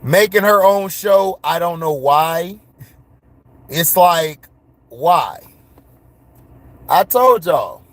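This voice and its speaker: Blunt, slangy man ranting slowly. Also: a little high, animated, a bit bright. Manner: blunt, slangy, laughs and gets worked up. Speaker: vlogger. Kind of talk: casual rant to viewers.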